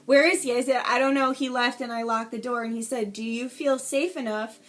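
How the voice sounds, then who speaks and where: A young woman casually telling a personal story, emphatic and swearing, acting out shouted quotes. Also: fairly high pitch, fairly even intonation, fairly quick. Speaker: storyteller vlogger.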